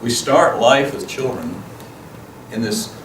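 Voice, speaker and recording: He speaks slowly at a medium pitch with lively intonation, giving a plain-spoken lesson as a guest at a parenting seminar. He often acts out small dialogues between a parent and a child. The recording, made in a school event room, is echoey and noisy, his voice far away.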